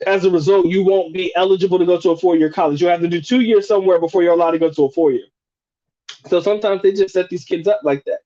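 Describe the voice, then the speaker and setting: A man's voice: high-pitched, fairly even intonation, fast, warm tone, dull audio. A man hosting a live stream, chatting casually and profanely, restarting and rephrasing as he goes. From United States.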